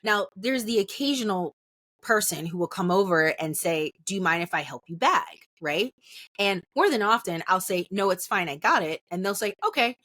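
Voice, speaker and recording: A woman in her thirties tells a personal story in a slightly low, conversational voice. She acts out the quoted voices with sudden leaps in pitch and swears without hesitation. The recording is dry and close, with no room sound. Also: normal speed, dry recording. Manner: animated, acts out quoted dialogue with big pitch jumps, swears freely. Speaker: podcast host. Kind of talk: candid storytelling monologue.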